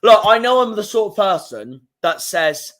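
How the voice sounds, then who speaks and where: Swearing young football fan on a stream. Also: male voice, high voice, big pitch swings, normal speed. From England. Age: young adult. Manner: frustrated, swearing, loud outbursts. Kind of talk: live stream reaction.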